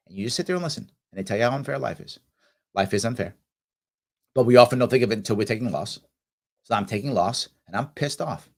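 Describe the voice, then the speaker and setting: A man's voice: medium pitch, lively intonation, quick pace, gravelly. A middle-aged man hosting a talk show, giving an emphatic motivational monologue and acting out quoted voices.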